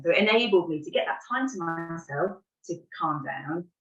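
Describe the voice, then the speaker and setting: Mum, lowish voice, frank and self-deprecating, roomy off-mic recording. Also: female voice, lively intonation, normal speed, few pauses, fairly bright tone. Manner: candid, laughs at herself while recounting. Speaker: parent sharing an example. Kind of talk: reflective conversational talk. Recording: roomy, distant, dull sound.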